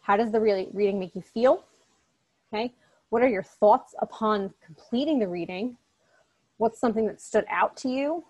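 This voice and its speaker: Woman, college English teacher, recorded online lecture, casual and chatty, keeps checking in with "okay?", direct, encouraging, mid-range pitch. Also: normal speed, darkish tone. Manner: direct and encouraging toward students.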